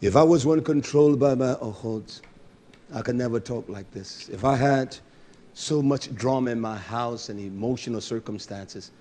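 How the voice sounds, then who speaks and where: Preaching with fervor, a man scolds his listeners, alternating loud outbursts with quiet murmurs and crying hallelujah.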